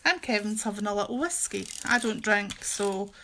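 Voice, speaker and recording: A woman's voice: medium pitch, animated, moderate pace, bright, forceful tone, slight background noise. A woman hosting a casual crafting livestream from her craft room, chatty and gushing, often giggling.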